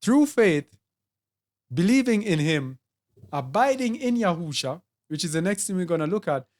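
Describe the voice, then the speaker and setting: A Bible teacher with a Jamaican accent preaching a sermon, speaking deliberately and repeating and listing words for emphasis. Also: mid-range voice, very animated, darkish tone.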